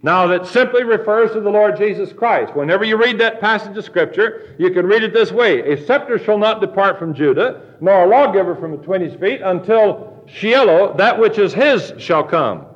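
A man preaching a sermon, reading scripture aloud slowly and deliberately. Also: high-pitched, lively intonation. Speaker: pastor. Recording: dull lo-fi sermon recording.

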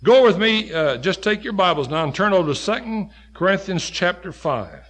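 A male preacher delivering a sermon with a somewhat high voice. His pitch swings widely as he climbs to emphatic, loud peaks and then sinks low and quiet. He reads scripture in its old wording. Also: sing-song, moderate pace. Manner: quotes scripture in old King James wording.

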